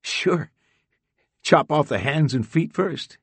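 A man voicing a thin, mousy male station cop who is apologetic but firm, in a high, mousy voice. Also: animated, slow pace, a bit bright, slightly rough, dry recording, full character voice. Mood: flat apologetic.

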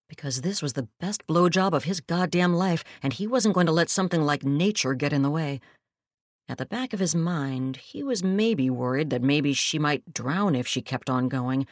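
Low-voiced woman narrating a story. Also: no room sound. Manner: measured, steady storytelling with quoted lines acted. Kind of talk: scripted audiobook narration.

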